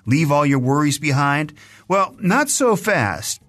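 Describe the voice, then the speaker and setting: A man's voice: a little high, very animated, takes it slowly, fairly bright tone. A man reading the scripted opening promo for a podcast in an upbeat announcer style. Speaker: show announcer.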